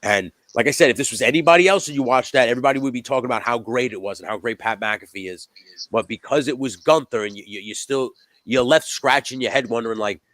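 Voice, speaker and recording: A man's voice: mid-range voice, fast, fairly bright tone, dry recording. A man co-hosting a live podcast, talking casually about wrestling in a rambling, emphatic way, with frequent swearing. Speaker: podcast co-host.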